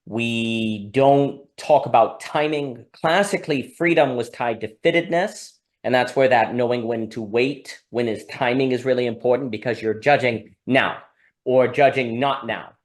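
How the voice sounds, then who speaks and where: A man hosting a podcast, speaking articulately and emphatically, building his points in quick succession. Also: medium pitch. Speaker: podcast host. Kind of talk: conversational commentary.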